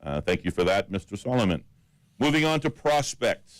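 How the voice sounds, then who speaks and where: A Caymanian man with a very low, deep voice co-hosts a radio talk show. He reads through lists steadily, with plenty of fillers. The studio sound is dry and close. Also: moderate pace, dry recording, low-quality recording. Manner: steady list-reading with fillers. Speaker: radio co-host. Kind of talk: radio talk about election candidates.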